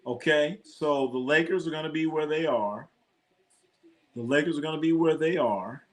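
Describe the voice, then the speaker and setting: Speaking at a normal speed in a fairly high voice, a man runs a live sports stream. He rambles and drops casual profanity as he reacts to scores, chats with viewers, and shares jokey anecdotes.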